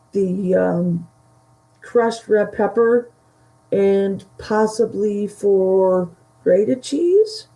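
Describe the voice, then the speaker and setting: A woman chatting casually through a vintage haul, halting and giggly, her voice starting to go from a dry throat. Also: medium pitch, dark tone, low-quality recording. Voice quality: gravelly, slow and halting. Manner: chatty, giggly, trails off mid-sentence. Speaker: vintage reseller showing a haul. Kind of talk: casual chat to a live audience.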